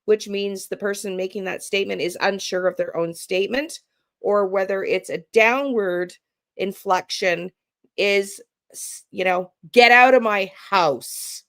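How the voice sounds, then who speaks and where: A woman's voice: medium pitch, steady tone, a little slow. A woman hosting a true crime panel discussion, explaining speech patterns in a casual, teacherly way. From Canada. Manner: explanatory, demonstrates intonation patterns. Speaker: true crime channel host.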